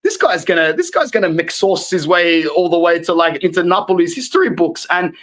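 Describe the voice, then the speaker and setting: A man's voice: sits high, expressive, a little fast, fairly bright tone, low-quality recording. A man, a guest in a casual football chat, talking with passion and rambling on. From Australia.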